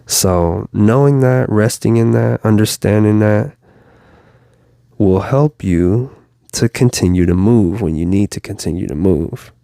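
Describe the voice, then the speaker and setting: Gravelly low-voiced motivational man. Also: mellow, dry recording, clean studio sound. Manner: casual, repetitive, encouraging, addresses listeners as y'all. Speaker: motivational show host. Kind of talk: motivational talk to viewers.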